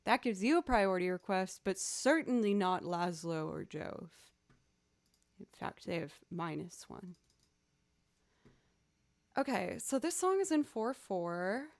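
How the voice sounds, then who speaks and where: A woman's voice: medium pitch, very animated, unhurried, pauses often. A woman livestreaming as a musician, chatting casually, thanking viewers and humming beats aloud. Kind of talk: casual live stream chat.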